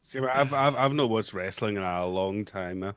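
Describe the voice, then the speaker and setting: A man's voice: lowish voice, normal speed, a bit bright, a little hiss or hum. A young man chatting casually on a podcast, laid-back and wry. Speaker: podcast guest. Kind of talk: casual chat.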